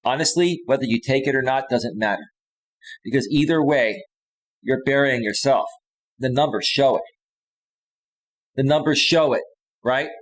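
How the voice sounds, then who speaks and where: A man in his thirties rants on a live stream, combative and heated, hammering the same phrases again and again. His voice sits in an ordinary middle pitch. He talks close to a clean studio microphone. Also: normal speed, long pauses. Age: 30s. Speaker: live stream host, life coach. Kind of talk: ranting live stream monologue. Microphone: close studio microphone with a limiter.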